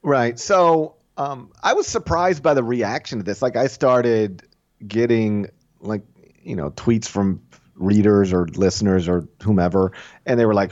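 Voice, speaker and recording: A man co-hosting a sports podcast in casual chat, opinionated and animated, acting out the voices he quotes. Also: medium pitch, moderate pace, no room sound, muffled recording. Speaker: college basketball podcast co-host.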